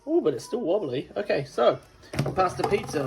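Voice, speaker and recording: Guy from england cooking at home and joking around, bit of a gravelly voice, slightly high, faint hiss behind. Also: expressive, normal speed. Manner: joking, self-mocking, talks to his dogs. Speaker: cooking vlogger. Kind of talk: casual home cooking vlog.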